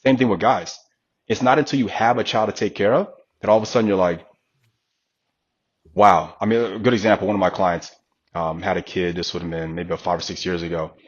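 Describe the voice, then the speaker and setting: A man's voice: deep voice, fast, breathy edge, muffled recording. A man in his thirties, a fitness coach, talking in a casual podcast conversation and acting out the voices of the people he quotes. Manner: animated storyteller, acts out quoted voices.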